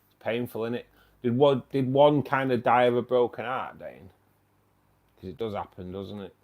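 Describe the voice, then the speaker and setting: A man's voice: medium pitch, moderate pace, a little mellow. A man with a British accent hosting a casual livestream, chatty and slangy, laughing often. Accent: British English. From United Kingdom. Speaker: aquarium channel host.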